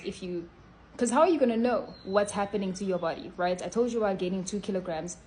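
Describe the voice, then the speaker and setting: A woman's voice: mid-range voice, darkish tone, a little hiss or hum. Blunt scolding woman on a phone. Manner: blunt, scolding, repeats "okay?" often. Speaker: health vlogger. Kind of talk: casual direct-to-camera vlog.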